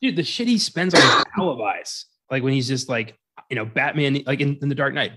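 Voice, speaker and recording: Man co-host, casual movie chat, laughs a lot, acts out lines from scenes in quick bits. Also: medium pitch, lively intonation, bright, forceful tone, husky. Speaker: podcast co-host.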